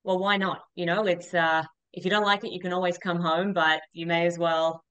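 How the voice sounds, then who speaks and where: A young Australian woman with an Australian accent, a golf coach talking as a guest, relaxed and modest. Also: fairly low pitch, a little fast, clean tone, dull audio. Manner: relaxed, modest, laughs easily. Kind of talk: casual interview chat.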